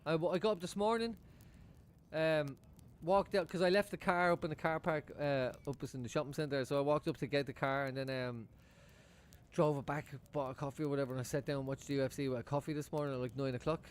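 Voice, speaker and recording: A man's voice: a little high, steady tone, fast, clean tone. A man chatting casually at home while he watches a football match live for his stream, swearing freely and laughing often. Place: room at home.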